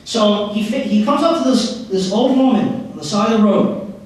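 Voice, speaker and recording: A man's voice: high voice, normal speed. A man giving a motivational talk to a live audience, telling a story and acting out its characters. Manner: lively storyteller who acts out characters. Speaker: motivational speaker. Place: public library meeting room before an audience. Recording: very echoey hall recorded from far off.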